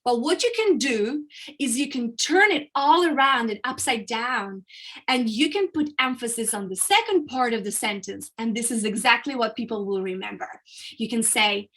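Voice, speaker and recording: A woman public speaking coach explaining persuasion techniques in a training session, emphatic and explanatory, playing with emphasis and pauses. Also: fairly high pitch, expressive, a bit bright. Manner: explanatory, emphatic, uses vocal variety and pauses.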